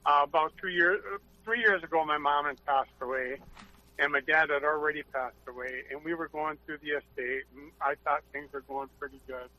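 A man's voice: fairly high pitch, steady tone, moderate pace, sharp tone, rough recording. A middle-aged man calling a radio show, telling his story in a plain, rambling way. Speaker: caller. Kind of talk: phone-in call.

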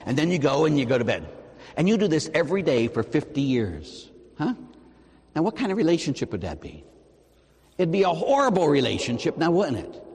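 A male Catholic priest giving a sermon, moving between soft prayerful passages and animated storytelling. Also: a little high, fairly quick, breathy edge, in a large hall. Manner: animated preaching, soft prayerful asides and acted-out quotes. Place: church.

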